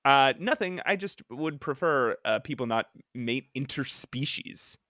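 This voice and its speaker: A man's voice: medium pitch, animated, measured pace, pushed and bright, no echo, studio quality. A man co-hosting a casual comic-book podcast, recapping with jokes and sudden mock-villain voices. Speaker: podcast co-host.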